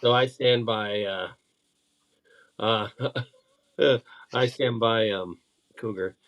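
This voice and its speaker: A middle-aged man, chatting casually as co-host, halting with many fillers and restarts. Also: lowish voice, fairly bright tone, dull audio. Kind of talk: casual chat.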